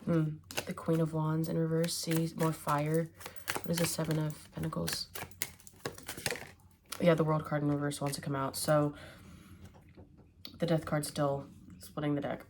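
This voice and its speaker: Woman, low voice, casual tarot reading, hums and muses as she thinks, faint hiss behind. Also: monotone, a little slow, pauses often. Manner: musing aloud, thinking in hums and fillers. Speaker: tarot reader.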